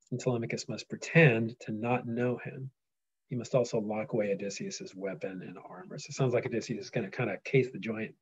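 A man teaching a lesson, reading an epic poem aloud and pausing to explain it in a casual way, often checking in with "right?". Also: medium pitch, slightly rough, muffled recording. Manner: reads dramatically, then explains casually with frequent "right?".

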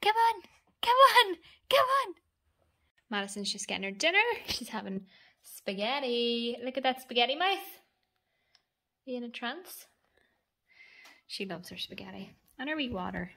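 A woman's voice: fairly high pitch, animated, moderate pace, creaky, pauses often, fairly bright tone. A young woman, chatting casually at home as a mother vlogging, dropping into sing-song baby talk. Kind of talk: casual vlog chat. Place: at home, indoors.

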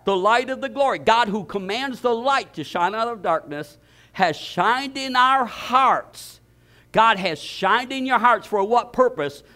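High-voiced pastor preaching a sermon. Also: male voice, unhurried. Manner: storytelling, animated, repeats words and restarts.

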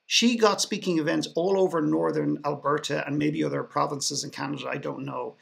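A man's voice: on the high side, steady tone, a little fast, gravelly, fairly bright tone. An Irish man, a podcast guest, telling a story in a sarcastic way, often restarting his sentences. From Ireland. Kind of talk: storytelling in a panel conversation.

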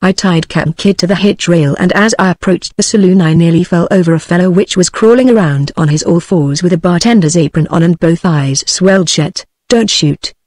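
A synthetic woman's voice with a British English accent reads a story aloud in a steady, even way. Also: lowish voice, a little fast, few pauses, no echo. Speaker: narrator. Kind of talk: text-to-speech audiobook reading.

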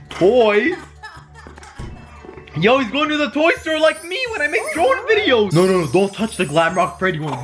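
A young man giving excitable reaction commentary as a YouTuber, shouting, gasping and saying "yo" and "literally" constantly. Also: high-pitched. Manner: excitable, shouts and gasps, says "yo" and "literally" a lot. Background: music playing.

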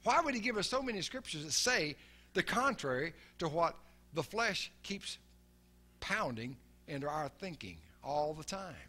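An older man preaching a sermon in an earnest way, often repeating his words and softening to a low murmur when quoting. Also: expressive, normal speed.

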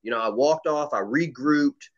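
A man's voice: mid-range voice, moderate pace. A man chatting casually as a competitive shooter guest, telling stories in a rambling way with swearing and lots of fillers. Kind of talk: casual podcast chat. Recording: dull lo-fi audio.

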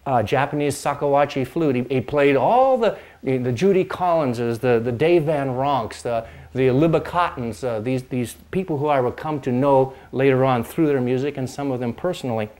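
A man's voice: mid-range voice, normal speed, darkish tone. An older man from the Pacific Northwest reminiscing about his early music years, talking in a rambling way with fillers and restarts and stopping now and then to strum chords on an instrument. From Pacific Northwest, United States. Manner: demonstrates chords while talking. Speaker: host and dulcimer player. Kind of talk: casual reminiscing monologue.

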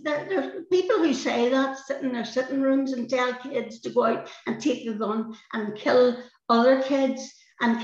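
Older Northern Irish woman, fiery and emphatic, on an echoey, lo-fi call. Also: sits high. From Northern Ireland. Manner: emphatic, passionate, repeats words when stirred. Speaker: guest, peace activist. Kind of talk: impassioned conversation. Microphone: video call. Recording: roomy, dull lo-fi webinar audio.

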